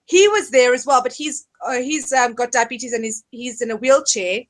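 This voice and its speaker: A woman hosting a talk show, telling a story in a lively, chatty way and laughing often. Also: on the high side, normal speed. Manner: animated, laughs often, acts out voices of people in her story. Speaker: host. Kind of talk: casual storytelling chat.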